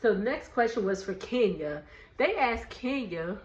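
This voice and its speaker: A woman casually recapping a reality TV episode, gossipy and quick to laugh, acting out what the cast said. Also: fairly high pitch, dull audio. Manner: gossipy, laughs often, quotes cast members in lively voices. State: drowsy, winding down for bed. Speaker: recap vlogger.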